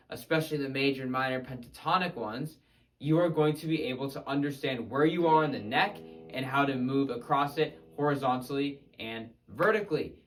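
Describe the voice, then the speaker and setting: Energetic man explaining guitar technique. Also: mid-range voice, poor audio. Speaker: guitar teacher. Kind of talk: instructional video narration.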